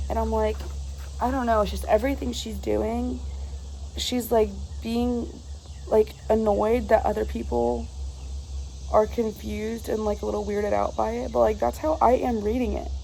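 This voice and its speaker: A book reviewer, this woman has a medium-pitched, creaky, warm voice, captured in a low-quality recording with a little hiss or hum. She rambles casually and with exasperation about her current book, peppering it with "like."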